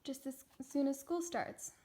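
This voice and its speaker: A woman reading as a calm, practical storybook mother. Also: high voice, unhurried.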